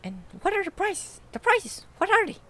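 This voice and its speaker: A man's voice: very high-pitched, big pitch swings, normal speed, bright, forceful tone, pitched above the performer's own voice, full character voice. A man voicing a hyperactive, greedy little camp girl who shrieks her demands while reading a visual novel aloud. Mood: shrill, greedy. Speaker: let's play reader.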